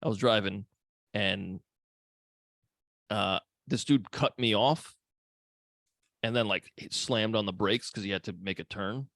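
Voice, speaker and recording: A man from Long Island co-hosting a podcast, chatting casually and telling animated stories with loud shouted impressions. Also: fairly low pitch, unhurried, long pauses, dry recording, clean studio sound. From Long Island, New York. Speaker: podcast co-host. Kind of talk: casual chat about a film.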